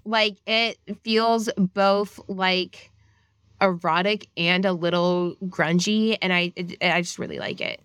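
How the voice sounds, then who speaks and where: A woman co-hosting a casual chat about a movie, frank and expressive, swearing freely. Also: lowish voice, slow, clear, resonant tone, dry recording, clean studio sound. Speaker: podcast co-host.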